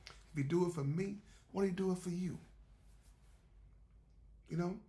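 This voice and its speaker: A man's voice: sits high, a little slow, warm tone. A man giving a faith-based motivational talk in a conversational, repetitive, preacherly way. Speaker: motivational speaker.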